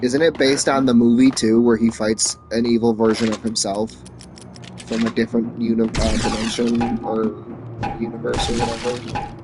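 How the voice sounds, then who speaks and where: A man streaming a game, rambling and joking in casual chat and often trailing off quietly. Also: medium pitch, flat delivery, moderate pace, loud music behind the voice.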